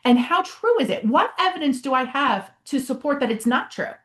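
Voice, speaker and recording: High-pitched, animated New woman. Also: moderate pace. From Brooklyn, New York. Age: middle-aged. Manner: animated storytelling, acts out quoted dialogue. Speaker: psychotherapist guest. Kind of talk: casual interview conversation.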